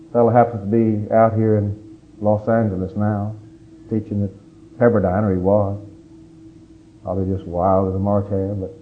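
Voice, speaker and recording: A middle-aged man preaching a sermon, an animated storyteller who swings from loud outbursts to hushed asides. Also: fairly low pitch, phone-quality sound, slight background noise. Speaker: pastor.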